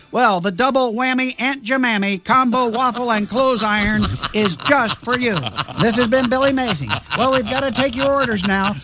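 A man voicing a pushy, fast-talking male TV pitchman in a comedy infomercial parody. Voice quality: high, bright, hard-selling.

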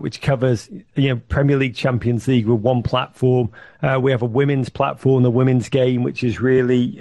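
A middle-aged man giving an animated interview, full of restarts and acted-out quotes. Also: mid-range voice, vocal fry. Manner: animated, acts out quoted voices, many restarts. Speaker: podcast network founder, guest. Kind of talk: conversational interview storytelling.

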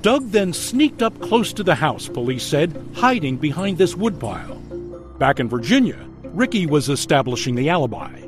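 Lively man narrating a true-crime report. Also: on the high side, normal speed, music in the background. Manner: dramatic, emphatic delivery. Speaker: news correspondent narrator.

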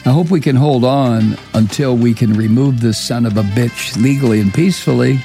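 A man's voice: medium pitch, normal speed, warm tone, faint music behind. A man hosting a talk show, delivering angry, profane, sneering political commentary. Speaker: radio talk host.

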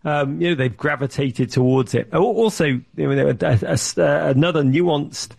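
Man, gravelly, slightly high voice, animated storyteller. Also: normal speed. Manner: animated storyteller, acts out quotes. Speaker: media network founder, guest. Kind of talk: conversational interview.

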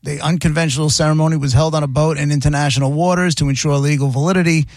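A man's voice: a little high, fairly even intonation, racing, a little mellow, no room sound, clean studio sound. A man hosting a radio show, chatting casually and jokily, rambling with frequent restarts. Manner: rambling, jokey, restarts often. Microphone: studio microphone.

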